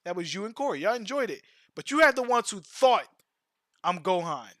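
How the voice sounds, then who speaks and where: A man's voice: high voice, sing-song, brisk, a bit bright, no echo, studio quality. A man streaming and chatting casually, telling long slangy stories with repeated false starts. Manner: loose slangy storytelling, repeats words. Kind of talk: casual chat.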